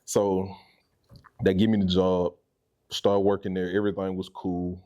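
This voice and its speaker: Deep Southern man telling lively stories. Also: a little slow, lo-fi sound. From Mississippi. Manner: animated storyteller acting out quoted voices. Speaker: guest, real estate agent. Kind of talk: casual storytelling interview.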